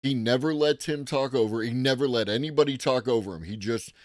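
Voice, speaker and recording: A man's voice: mid-range voice, brisk, no room sound, clean studio sound. A man hosting a live tech-news commentary stream, talking casually and profanely with a rambling manner while greeting chat viewers.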